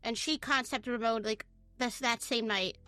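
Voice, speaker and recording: A woman's voice: fairly high pitch, fairly even intonation, normal speed, pushed and bright, no echo. A woman game developer talking animatedly in a casual interview, laughing often and restarting her sentences. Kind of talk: casual chat.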